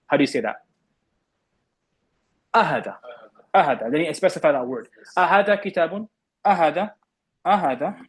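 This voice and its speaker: A man teaching an Arabic class to students in the room and online, patiently repeating words slowly. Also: fairly high pitch, a little mellow, breathy edge, poor audio.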